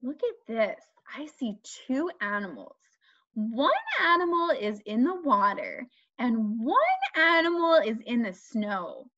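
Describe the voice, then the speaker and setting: A woman's voice: a little high, expressive, sharp tone. Sing-song woman teaching small children. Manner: slow, sing-song questioning with emphatic repeated words. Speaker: children's speech and language teacher. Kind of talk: teaching young children a lesson. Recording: dull lo-fi dry recording.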